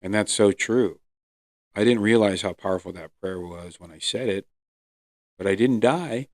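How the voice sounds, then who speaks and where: A man hosting his own podcast, earnestly telling his personal recovery story with pauses and fillers. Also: fairly low pitch, a little mellow, dry recording, clean studio sound. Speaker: podcast host. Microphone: close podcast mic.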